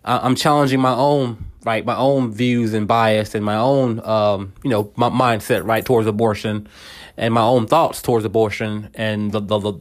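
Halting, casual man with low voice. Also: fairly even intonation. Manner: halting, repeats words, casual slang like "bro". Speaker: podcast host. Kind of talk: casual personal monologue.

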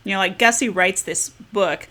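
A woman chatting casually about a comic novel in a book discussion, animated and quick to laugh. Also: medium pitch. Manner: animated, reads passages aloud in put-on voices. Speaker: book club member.

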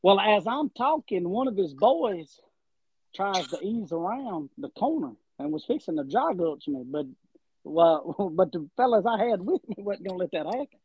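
A man's voice: sits high, moderate pace, husky, no echo. A man, a guest wrestler on a podcast, telling a long story and acting out the quotes as he goes. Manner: animated, rambling storyteller, acts out quotes. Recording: dull lo-fi audio.

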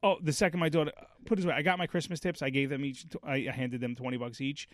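A man co-hosting a relaxed podcast chat, his voice sitting a little high. He retells family moments and acts out the people in them. The sound is dry and close, with no room around it. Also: fast, no room sound. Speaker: podcast co-host. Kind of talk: casual chat.

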